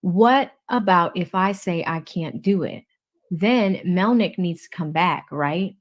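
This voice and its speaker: A woman's voice: on the low side, slow. A woman hosting a livestream, reading court transcripts aloud and naming each speaker before their lines.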